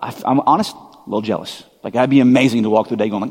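A man in his thirties preaching a sermon, telling stories in a conversational, animated way with quick asides. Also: medium pitch, husky. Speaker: pastor. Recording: long hall reverb.

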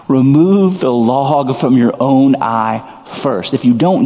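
A man's voice: medium pitch, darkish tone, long reverb tail. A middle-aged man preaching a sermon as pastor, conversational and self-deprecating in his storytelling.

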